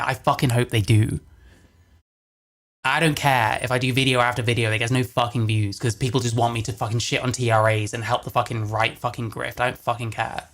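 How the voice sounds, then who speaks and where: A man's voice: mid-range voice, a bit bright. A man ranting on a livestream while reacting to videos, heavy with swearing, exasperated, and repeating phrases for emphasis. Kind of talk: angry casual livestream rant.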